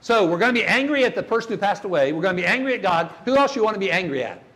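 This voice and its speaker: Older man, church workshop speaker, folksy storyteller, slightly high voice. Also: sing-song, rapid-fire, fairly bright tone. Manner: folksy storytelling, asks the audience questions.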